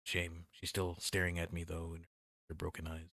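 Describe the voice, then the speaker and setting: A man's voice: low-pitched, completely flat delivery, normal speed, gravelly, a bit bright, no room sound, studio quality. A man streaming a game, reading its text aloud with jokey, mock-dramatic commentary into a desk mic. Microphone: desk mic with noise gate.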